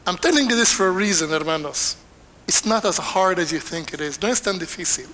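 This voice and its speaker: High, bright-voiced older bilingual preacher. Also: male voice, brisk. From Panama. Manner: switches between Spanish and English line by line, animated. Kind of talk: bilingual sermon.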